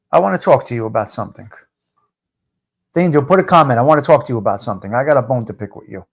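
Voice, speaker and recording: A man's voice: mid-range voice, expressive, racing, creaky. A middle-aged man hosting a casual live stream, teasing and bantering with the chat in a brash, street-wise way.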